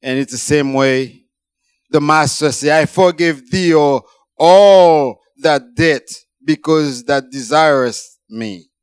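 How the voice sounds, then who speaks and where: Male preacher, sermon delivery, unhurried and deliberate, dry close sound, emphatic swings up and down. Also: clean tone, dry recording. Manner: emphatic, rising to exclamations then dropping low.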